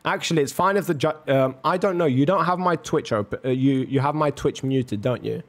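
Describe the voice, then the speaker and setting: A man's voice: on the high side, brisk. A man hosting a debate on a livestream, chatting casually with lots of swearing, laughter and rambling banter. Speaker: debate host.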